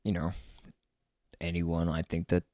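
A man giving a meandering, reflective spiritual monologue about a card reading, musing aloud with many pauses and the odd whispered aside, speaking from his own land. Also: deep voice, monotone, mellow, dry recording, studio quality. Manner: meandering and musing, with many fillers and stretched-out words.

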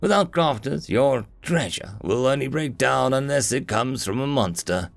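A man voicing a crude, easygoing male fighter in an audiobook, speaking slowly and pleasantly with a teasing edge. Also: mid-range voice, animated, creaky, no echo, pitched above the performer's own voice.

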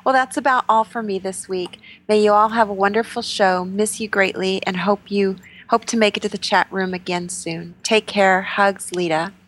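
A woman's voice: mid-range voice, steady tone, moderate pace, a bit bright. Woman reading a listener email.

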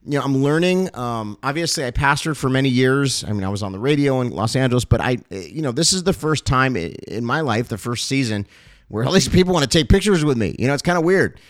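A man's voice: medium pitch, animated, fast, no echo. Earnest, emotional male pastor, dry sound. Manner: earnest and emotional, with frequent fillers and repeated phrases. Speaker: pastor and ministry broadcaster. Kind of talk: heartfelt address to ministry supporters.

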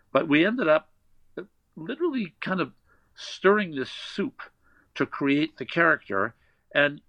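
An older man spins animated stories as a guest in a relaxed interview, now and then dropping into playful character voices. His medium-pitched voice sounds dry and close. The audio is a bit dull and lo-fi. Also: no echo. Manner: animated storyteller who slips into playful voices. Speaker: voice actor guest. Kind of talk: casual interview anecdotes.

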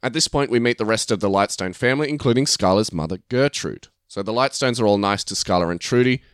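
A man's voice: on the low side, quick pace, clear, resonant tone, dry recording, studio quality. A man co-hosting a casual podcast chat, joking and laying out his guess at a movie plot. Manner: joking, laughs often, narrates predicted plot. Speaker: podcast co-host.

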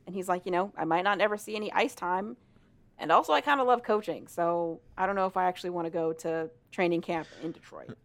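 Animated woman retelling a story. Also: lowish voice, fast talker. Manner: animated, acts out characters' lines with swearing and laughter. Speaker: podcast co-host. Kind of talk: casual chat retelling a story.

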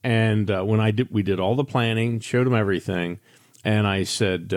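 Older man, low voice, candid storytelling radio host, dry close mic. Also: normal speed, no room sound. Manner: candid storytelling, many restarts. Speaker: financial advisor radio host. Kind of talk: radio talk monologue.

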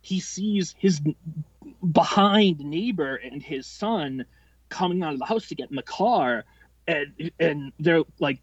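Telling a story casually on a podcast, a young guest in his late twenties curses freely, rambles, and keeps restarting his sentences in a quick-tempered way. His voice sits somewhat high for a man, and the recording is dry, slightly dull, and lo-fi with no room sound.

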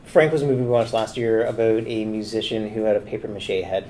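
Woman, Canadian accent, very low voice, mellow, teasing casual chat. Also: fairly even intonation, fast talker, a little hiss or hum. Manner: playful, teasing. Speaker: podcast host.

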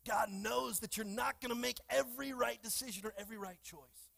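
A man preaching a lively sermon in a church, with call-and-response and playful asides to the congregation. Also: very high voice, brisk, vocal fry. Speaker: pastor. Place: church sanctuary.

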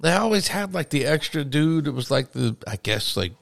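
A man's voice: on the high side, big pitch swings, normal speed, creaky. A middle-aged man co-hosting a casual podcast, rambling and joking his way through a play-by-play. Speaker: podcast co-host. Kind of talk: casual chat.

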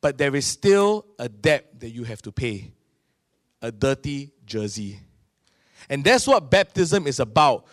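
A middle-aged man with a Singaporean English accent, preaching a sermon in an animated storytelling manner. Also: mid-range voice, unhurried, no echo, clean studio sound. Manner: animated storytelling, acting out voices of people in his stories. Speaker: pastor.

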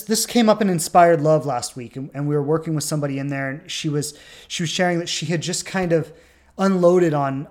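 Podcast host, relationship coach, earnest, emphatic repetition, middle pitch, reflective monologue. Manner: earnest, emphatic, repeats phrases for stress.

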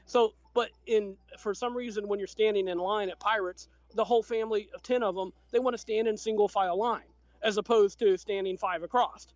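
A man with a fairly high voice chats easily, explaining things in an easygoing way. His sound is dry and a little dull and lo-fi, with no room around it. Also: steady tone, fairly quick, few pauses, no echo. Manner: easygoing, explanatory, laughs often. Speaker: podcast co-host. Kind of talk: casual chat.

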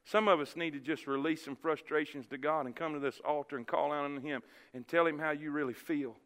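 A man's voice: a little high, fairly even intonation, brisk, fairly bright tone. A man, preaching a sermon as pastor, telling a story emphatically and repeating his words. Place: church sanctuary. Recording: church hall reverb.

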